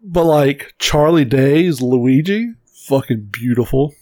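A man's voice: mid-range voice, lively intonation, slow, darkish tone, no echo. A man co-hosting a podcast in casual chat, blunt and emphatic, swearing freely. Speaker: podcast co-host.

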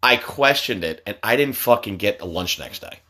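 Loud, bright-voiced, exasperated middle-aged father. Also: expressive, moderate pace. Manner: loud, exasperated, swears often, bursts into high shouts. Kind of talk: casual banter.

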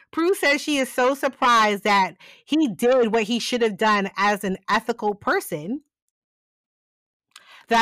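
A woman's voice: on the high side, slow, long pauses, a bit bright, dry recording. A woman casually recapping a TV episode, acting out the characters' lines with lots of laughter. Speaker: podcast co-host recapping a TV episode.

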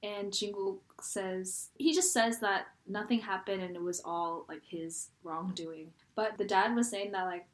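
A woman co-hosting a casual chat, retelling a story with animated, filler-heavy energy. Her pitch sits at an ordinary middle. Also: normal speed, few pauses. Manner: chatty, animated, frequent "like". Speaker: podcast co-host recapping a drama.

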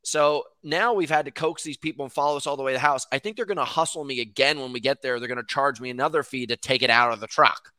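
Bright-voiced man telling a rambling story. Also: medium pitch, quick pace, hardly any pauses, no echo. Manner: rambling storyteller who acts out quotes, says "like" often. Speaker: podcast guest, lumberjack. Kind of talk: casual podcast chat.

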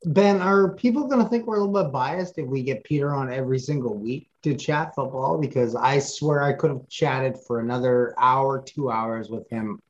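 A man's voice: mid-range voice, normal speed, hardly any pauses, highs cut off. A man co-hosting a casual soccer podcast over a video call, talking with eager enthusiasm and frequent stammered restarts. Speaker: podcast co-host.

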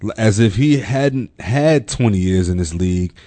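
Man, lowish voice, dry recording, emphatic casual sports talk. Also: animated, moderate pace, dark tone, no echo. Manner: emphatic, laughs while talking. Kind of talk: casual basketball chat.

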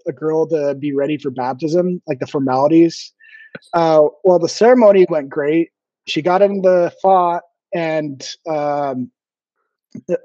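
A former missionary, a man with a high, dark-toned voice, tells stories as a guest in a casual podcast interview, speaking slightly raised. He halts often, filling gaps with ums and restarting sentences. The recording is dull and lo-fi, dry and close with no room echo.

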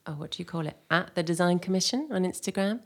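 An English woman talks casually as a radio guest, her voice low and gravelly. She rambles, filling the gaps with ums. Her tone is low, with a rough, crackly edge. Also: fast talker. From England. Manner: rambling, with many fillers. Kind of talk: casual chat.

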